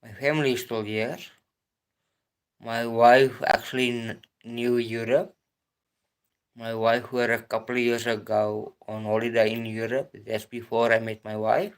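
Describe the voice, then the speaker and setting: A man's voice: medium pitch, little pitch movement, measured pace, clear, resonant tone. A man hosting a casual live stream, answering his chat in a hesitant way with many restarts and fillers. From South Africa. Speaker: livestream host answering chat.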